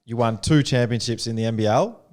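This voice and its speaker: A man's voice: medium pitch, a little fast, darkish tone. A man co-hosting a podcast, asking questions in an easygoing, chatty way. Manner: easygoing, laughs along. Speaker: podcast co-host. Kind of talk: casual interview.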